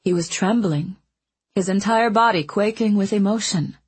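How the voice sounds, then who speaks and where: A woman narrating an audiobook in a measured, expressive storytelling manner. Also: medium pitch, husky.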